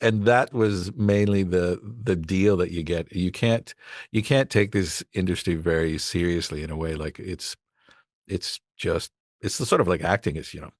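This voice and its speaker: A man's voice: low-pitched, normal speed, dry recording, studio quality. A male voice actor telling rambling anecdotes about his work in a casual podcast chat. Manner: rambling anecdotes with restarts and acted quotes. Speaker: voice actor guest.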